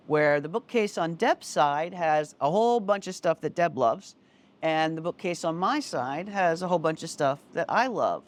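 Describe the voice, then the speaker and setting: A woman co-hosting a podcast in a home basement, teasing and bantering playfully in casual chat. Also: deep voice. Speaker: podcast co-host.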